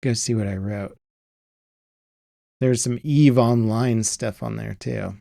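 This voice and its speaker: A man in his thirties hosts a casual gaming podcast, drifting through nostalgic stories with plenty of ums and restarts. His voice sits at an ordinary middle pitch. The close mic leaves no room sound. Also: takes it slowly, creaky, no room sound. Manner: relaxed, rambling, nostalgic storytelling with many fillers. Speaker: podcast host. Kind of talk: casual chat.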